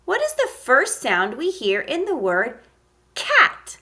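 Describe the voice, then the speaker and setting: Woman, kindergarten phonics teacher, unhurried and encouraging, bright lively voice. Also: high-pitched. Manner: slow, encouraging, sounds out letters with exaggerated emphasis. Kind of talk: phonics lesson for young children.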